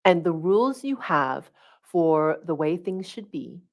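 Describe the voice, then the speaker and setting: A middle-aged woman hosts a livestream and teaches in a casual, conversational way. She talks with animated energy and keeps checking in with her listeners as she goes. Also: lowish voice, measured pace. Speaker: spiritual coach hosting a livestream.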